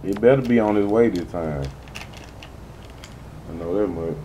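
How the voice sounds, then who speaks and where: A man's voice: on the low side, measured pace, warm tone, slight background noise, low-quality recording. A man giving rambling, profane gameplay commentary as he talks to his viewers. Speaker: gaming streamer.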